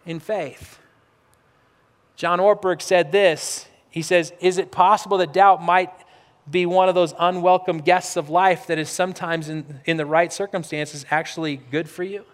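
High-voiced man preaching in a hall. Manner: animated, acts out quoted voices, repeats phrases. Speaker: pastor. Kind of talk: sermon.

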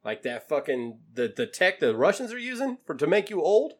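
A man's voice: on the high side, very animated, moderate pace, slightly rough. A man co-hosting a casual chat, loose, profane and joking.

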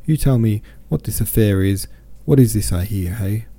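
A man voicing a blunt old sea-pilot captain who talks plainly in a rough, scorched-sounding voice. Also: lowish voice, normal speed, dark tone. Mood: indignant. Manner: plain-spoken, blustering.

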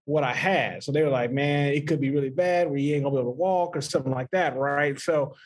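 Husky high-voiced man telling a wild story. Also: fast talker. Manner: animated storytelling, laughs often, voice jumps high in quotes. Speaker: podcast co-host. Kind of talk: casual storytelling chat.

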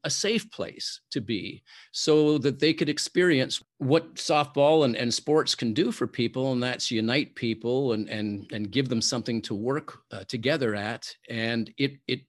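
A man interviewing a guest, framing long questions haltingly with many pauses and fillers. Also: mid-range voice.

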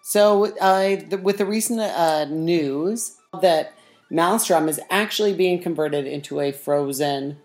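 A man's voice: on the high side, slow pace, soft background music. A man co-hosting a casual podcast chat, with a dry, teasing manner. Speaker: podcast co-host.

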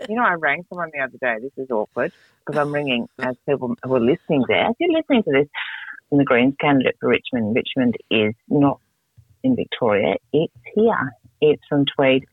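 A woman's voice: a bass voice, brisk, no echo. A woman, a candidate co-hosting a radio chat, telling stories with acted-out voices and lots of laughter. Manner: animated storyteller, acts out voices and laughs a lot. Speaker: political candidate and radio co-host. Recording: dry, phone-like radio sound.

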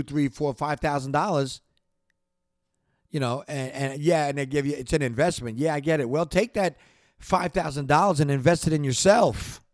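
A podcast host with a darkish voice on the high side delivers a fired-up monologue directly to his audience, with no echo and a close, dry sound. He passionately repeats the same point with growing energy, tripping over words, getting worked up and then apologizing.

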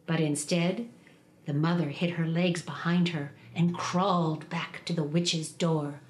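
A woman reading a children's storybook aloud in an expressive, sing-song way. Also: fairly low pitch, unhurried.

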